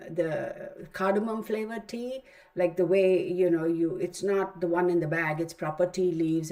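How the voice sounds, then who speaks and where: Low and dark, the voice belongs to a middle-aged Texan woman running a tarot channel livestream. In casual chat she tells a long story, peppered with fillers.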